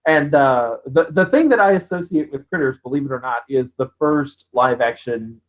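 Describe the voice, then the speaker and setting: A man co-hosting a live show, chatting casually in an animated way and laughing easily. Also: medium pitch, moderate pace, poor audio. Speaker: co-host. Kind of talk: casual live-stream chat.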